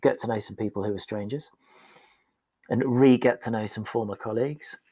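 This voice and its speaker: A man's voice: fairly low pitch, fairly even intonation, normal speed, warm tone, slightly rough, dry recording. A man, a podcast guest speaking frankly and with self-deprecating humour about his past work. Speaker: podcast guest, performance coach. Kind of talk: candid storytelling in conversation.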